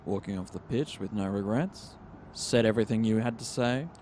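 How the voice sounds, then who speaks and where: A man's voice: fairly low pitch, moderate pace, darkish tone, a little hiss or hum, close to an everyday voice. A man voicing a sardonic male vampire fixer who talks in a dry, condescending way. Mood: smug.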